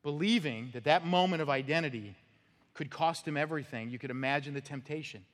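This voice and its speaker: A man's voice: fairly high pitch, fairly quick, a bit bright. A man preaching a sermon as pastor, talking in a conversational, storytelling way. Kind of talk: expository sermon. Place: church sanctuary. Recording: long church hall reverb.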